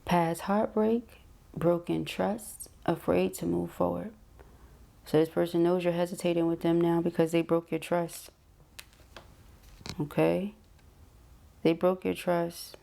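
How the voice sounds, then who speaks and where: Low gravelly woman reading tarot. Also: level tone, takes it slowly, long pauses, mellow. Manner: chatty, emphatic, repeats phrases, talks to viewers directly. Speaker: tarot reader. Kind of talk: casual spoken tarot reading.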